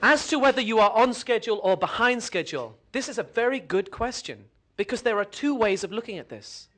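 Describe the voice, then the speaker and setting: Man as pompous guru figure; high, animated delivery, sermonizing. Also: fairly quick. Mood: lofty. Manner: sermonizing, lofty and self-assured. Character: pompous male spiritual master, grandly vague. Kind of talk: comedy sketch acting.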